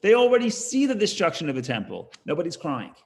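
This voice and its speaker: A man teaching a text-study class, explaining with animated emphasis, often restarting phrases and trailing off quietly. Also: a little high, fast talker. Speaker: Torah teacher.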